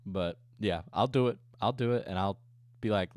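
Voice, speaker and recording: A man's voice: on the low side, normal speed, a little mellow, clean tone, no room sound, clean studio sound. A man livestreaming, chatting casually with viewers, joking, ranting and swearing often. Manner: profane, joking rants with frequent laughter. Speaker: coffee business owner.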